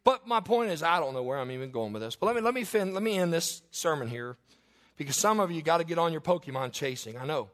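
A male pastor delivers a sermon in his church with a high, bright-pitched voice. He talks in a folksy way, slipping into joking asides and growing excitable when he tells a story. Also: quick pace. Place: church sanctuary.

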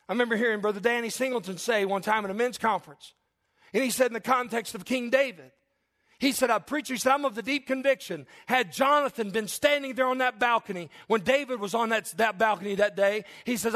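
A male pastor preaching a sermon, reading scripture slowly and low, then climbing loud and high to drive points home. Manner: swings from low measured scripture reading to loud rising emphasis.

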